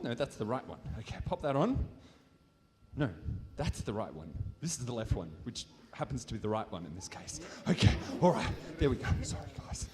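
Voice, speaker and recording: On a stage before an audience in a large, echoing hall, an Australian man runs a live science demonstration, joking playfully with a volunteer and the crowd. His voice sits at a medium pitch with a dark tone.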